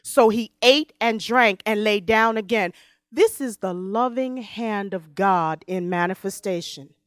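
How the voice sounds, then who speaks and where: A woman's voice: mid-range voice, no echo. Dramatic woman preacher, dry sound. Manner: dramatic, swinging from loud emphasis to soft hushed tones; reads scripture slowly and deliberately. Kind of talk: sermon.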